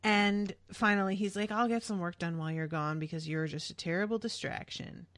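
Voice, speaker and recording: A woman's voice: medium pitch, fairly even intonation, brisk, fairly bright tone, no room sound. Blunt, swearing woman podcaster. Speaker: podcast co-host. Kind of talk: casual chat, recapping an episode.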